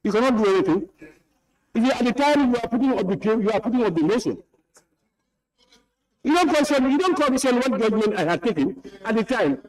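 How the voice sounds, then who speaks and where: A stern, high-voiced man with a Gambian English accent chairs a heated debate in a parliament chamber, talking fast and animatedly into a desk microphone. He scolds the members and repeats himself, and the audio quality is poor.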